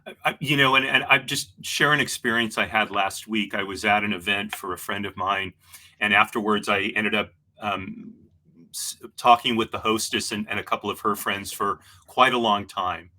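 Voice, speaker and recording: Man, interview host, rambling, hesitant, very bright tone. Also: on the low side, fairly even intonation, normal speed. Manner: rambling, with many restarts and hesitant fillers. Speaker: show host. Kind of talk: casual interview chat.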